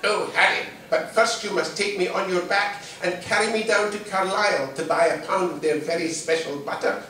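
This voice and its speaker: A demanding old lady, as a male storyteller puts her on, insistent and wheedling in a raised, higher voice. The sound is very echoey and far from the mic. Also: moderate pace, bright, forceful tone, a little hiss or hum. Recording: distant mic in a very echoey room.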